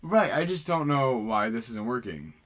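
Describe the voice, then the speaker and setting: A man hosting a livestream, talking casually and haltingly as he sorts out audio trouble. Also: medium pitch, sing-song, a bit bright. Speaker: livestream host.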